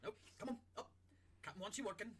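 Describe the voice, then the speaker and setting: A man voicing a grumpy, lazy male ship's chef who nags loudly in a tabletop game. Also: high voice, expressive, fast talker, a little hiss or hum, voice pushed up. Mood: nagging. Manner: loud nagging shouts.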